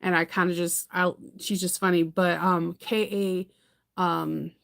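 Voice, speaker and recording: A woman's voice: lowish voice, flat delivery, a little slow, gravelly, a bit bright. Chatty woman hosting a sewing livestream. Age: adult parent. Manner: chatty, rambling, laughs often, answers viewer comments. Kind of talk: casual livestream chat.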